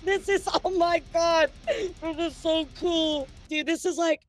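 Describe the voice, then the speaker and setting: A young woman vtuber reacting to a video, gushing, excitable and swearing freely. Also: very high voice, takes it slowly.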